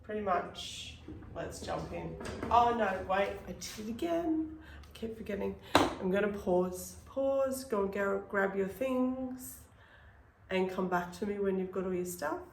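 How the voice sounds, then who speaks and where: A woman's voice: medium pitch, expressive, a little slow, gravelly, noisy background. A woman teaching an unscripted art class, chatty and encouraging as she talks through each step. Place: art studio. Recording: roomy, from a distance.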